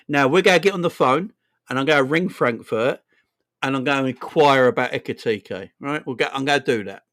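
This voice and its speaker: Animated young English man chatting. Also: mid-range voice, fairly quick. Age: young adult. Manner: animated, laughing, slangy, repeats "man". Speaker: fan channel host. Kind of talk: casual live-stream chat.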